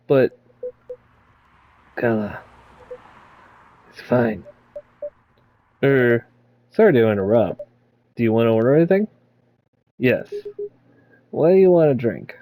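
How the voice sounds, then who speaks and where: A man's voice: mid-range voice, big pitch swings, a little slow, pauses often, dark tone, rough recording. A man playing through a story game and reading every character's lines aloud, mostly in his own voice. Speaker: game player voicing the characters. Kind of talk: playthrough voice acting.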